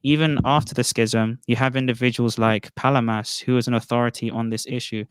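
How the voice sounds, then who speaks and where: A man's voice: medium pitch, steady tone, fairly quick, smooth, no room sound, clean studio sound. A man in an online debate who speaks assertively and lectures his opponent while pressing his questions.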